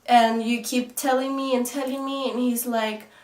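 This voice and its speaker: A woman's voice: fairly high pitch, steady tone, moderate pace, a little mellow, far from the mic. A young woman vlogger telling a story in a rambling way, full of fillers and swearing. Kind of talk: casual storytelling. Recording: echoey room, off-mic.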